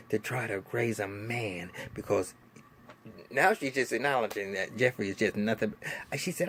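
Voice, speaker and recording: A man giving a casual vlog review of a TV episode, animated and profane, with lots of restarts and laughing asides. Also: fairly low pitch, slight background noise. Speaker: TV show reviewer.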